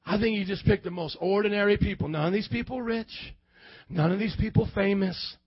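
A man preaching an energetic, slangy youth sermon that leans on call-and-response and often breaks into shouts to the crowd. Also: high-pitched, a little fast, husky, no room sound. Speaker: youth pastor. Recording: dull dry lo-fi recording.

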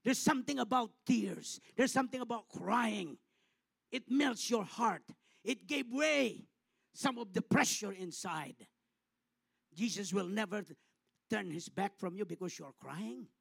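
A middle-aged Filipino man preaches with passion, rising to loud, fervent peaks and sinking to hushed tenderness. His voice sits high and carries a gravelly edge. It sounds close and dry, with no room around it. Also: expressive, a little slow, dry recording. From Philippines. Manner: impassioned preaching, swelling loud then dropping soft. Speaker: pastor. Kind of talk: sermon.

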